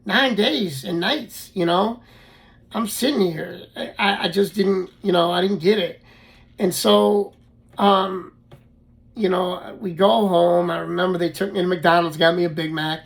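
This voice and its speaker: Gravelly-voiced man telling his story. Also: high-pitched, fairly even intonation. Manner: halting, with many fillers and restarts. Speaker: podcast host telling his life story. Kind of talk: casual personal storytelling.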